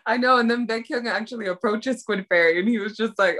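Excitable young woman recapping a drama. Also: fairly high pitch, a little slow. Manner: excitable, slangy, retells scenes. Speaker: podcast co-host. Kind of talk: casual chat recapping a drama.

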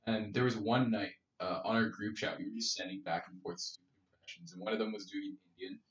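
A Canadian man chatting on a podcast, laughing along and trying out quick impressions. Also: on the low side, fairly even intonation. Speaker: podcast co-host. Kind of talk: casual chat. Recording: roomy and dull-sounding.

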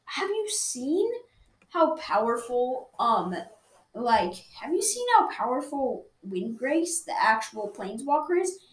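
A woman's voice: on the high side, very animated, slow. A woman reviewing cards in casual chat, enthusiastic and argumentative, rambling with restarts. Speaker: card game reviewer. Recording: roomy echoey room.

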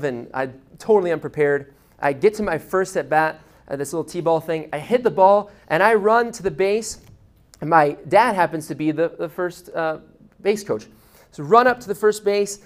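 A man preaching a sermon as a pastor, animated, getting loud and quick when he tells a story, with restarts. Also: a little high. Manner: animated, grows loud and fast in stories, with restarts.

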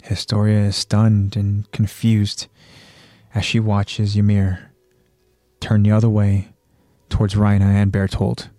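A man's voice: fairly low pitch, monotone, slow, dark tone, no echo. A man hosting a podcast, plainly retelling an anime episode with fillers. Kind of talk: episode recap narration.

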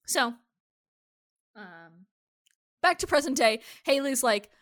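A woman's voice: sits high, expressive, slow, fairly bright tone, no echo, clean studio sound. A woman co-hosting a casual TV recap podcast, chatty and swearing freely as she acts out lines from the episode. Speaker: podcast co-host.

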